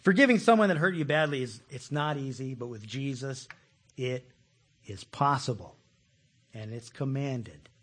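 A man preaching a sermon, animated, repeating words, with sudden loud bursts. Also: mid-range voice, moderate pace, slightly rough. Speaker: pastor.

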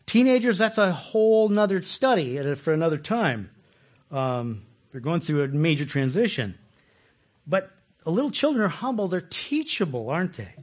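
A pastor preaches an animated, conversational sermon in a voice on the high side at normal speed. He poses questions to his listeners and acts out the voices of the people he quotes.

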